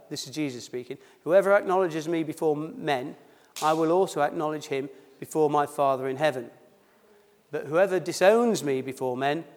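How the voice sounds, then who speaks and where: The voice is a man's, fairly high and a little mellow, preaching at a baptism service in a church hall full of long reverb. This pastor drops his H's, reading a scripture passage first and then unpacking it in plain, everyday language.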